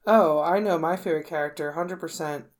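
A woman's voice: low voice, fairly quick. A woman chatting enthusiastically about a movie, blunt and swearing freely. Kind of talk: casual movie discussion.

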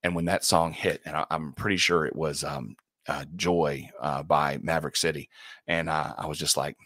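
A man who hosts a radio morning show, a guest in an interview, telling faith stories in an earnest, animated way, often restarting and laughing. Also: rumbling low, normal speed, dry recording, clean studio sound. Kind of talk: faith-centered interview storytelling.

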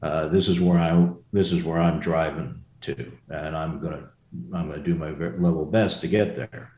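An older man, once a Marine aviator, tells stories in a casual interview with a bass voice that's darkish and fairly even, at a normal speed. He rambles, with many restarts and asides, and the room echoes noticeably.

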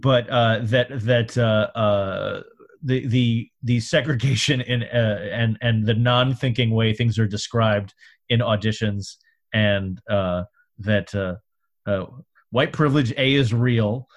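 A man's voice: fairly low pitch, steady tone, slow pace. A man interviewing a guest in casual conversation, rambling and hesitant with many fillers.

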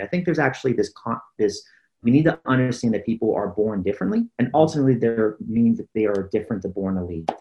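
Man, low pitch, earnest animated storyteller, interview guest, leadership coach.

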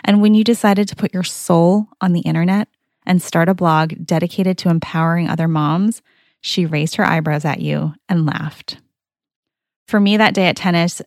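A woman's voice: fairly low pitch, steady tone, normal speed, darkish tone, dry recording, studio quality. A woman hosting a show for moms, giving an upbeat, confiding talk straight to the listener. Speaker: podcast host. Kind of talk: scripted motivational talk.

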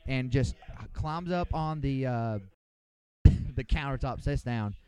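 A man's voice: medium pitch, slow, a little mellow, smooth. A young man on a casual podcast, rambling through a profane, boisterous anecdote. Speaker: podcast co-host. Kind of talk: casual storytelling among friends.

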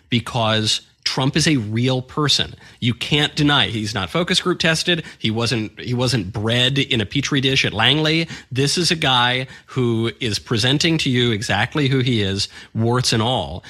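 A man's voice: medium pitch, sharp tone, slightly rough. A man co-hosting a political talk show, giving analytical and opinionated commentary. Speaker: co-host.

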